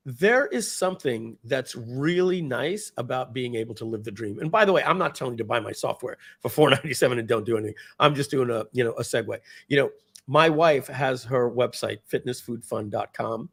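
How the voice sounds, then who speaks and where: Middle-aged male host, casual live-stream pitch, rambling with lots of fillers. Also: moderate pace. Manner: rambling, many fillers and restarts; animated, acts out quoted dialogue. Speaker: host presenting software.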